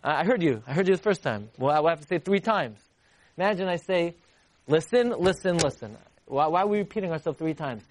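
A man giving a Torah class, animated and repeating lines for emphasis. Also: fast talker. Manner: animated, repeats for emphasis, rises high to act out voices. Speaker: Torah teacher.

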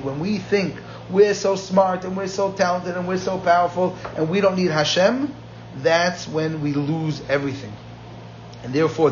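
Guy giving a talmud class, kinda high voice, animated storytelling, slightly muffled lo-fi audio. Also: a little hiss or hum. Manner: lively storyteller mixing Aramaic quotes with plain English. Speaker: Talmud lecturer.

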